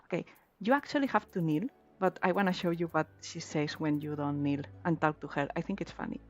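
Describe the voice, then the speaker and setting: A woman's voice: low-pitched, brisk, a little mellow. Giggly woman streaming a game. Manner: giggly, chatty, restarts words. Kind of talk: casual game stream chat. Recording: slightly dull lo-fi mic. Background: faint background music.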